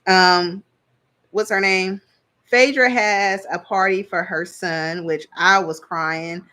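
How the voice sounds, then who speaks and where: A woman's voice: fairly low pitch, fairly even intonation, slow, bright, forceful tone. Woman, casual reality TV recap, blunt, chatty, laughs a lot. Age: adult parent. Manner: chatty, blunt, laughs often, trails off searching for names. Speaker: reality TV reviewer. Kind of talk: casual commentary.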